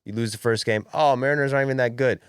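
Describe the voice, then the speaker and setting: A young man co-hosting a podcast in casual sports chat, brash and animated, swearing freely. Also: medium pitch, rapid-fire, clear, resonant tone, no echo, studio quality. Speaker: podcast co-host.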